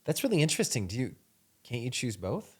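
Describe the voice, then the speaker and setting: Man, podcast co-host, from minnesota, joking, playful, animated chat. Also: medium pitch, fairly quick, breathy edge.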